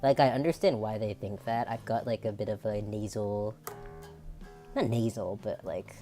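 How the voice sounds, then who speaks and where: Deep nasal androgynous woman streamer, chatty and rambling, mellow tone, faint guitar behind. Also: moderate pace. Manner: chatty and rambling, laughing often. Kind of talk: casual chat.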